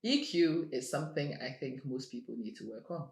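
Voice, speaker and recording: A woman giving a motivational monologue in a measured, emphatic way, repeating her key phrases. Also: very deep voice, gravelly. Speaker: motivational speaker. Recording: roomy echo with faint music.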